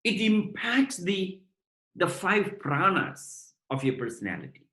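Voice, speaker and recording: A man giving a devotional lecture on scripture to his students, explaining point by point in a measured way. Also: high voice, sing-song, a bit bright. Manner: measured, explanatory, addresses listeners as brothers and sisters. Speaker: spiritual lecturer. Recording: roomy echo.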